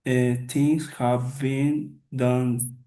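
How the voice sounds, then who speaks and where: A man's voice: medium pitch, flat delivery, very slow, mellow, echoey room. A man, an English student, reading a passage aloud in class, hesitating and correcting himself. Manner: hesitant, correcting his own words.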